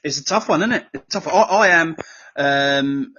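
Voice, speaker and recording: A man's voice: on the high side, moderate pace, bright, forceful tone. A man chatting as a guest, telling laddish, sweary stories. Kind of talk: casual chat. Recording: muffled lo-fi audio.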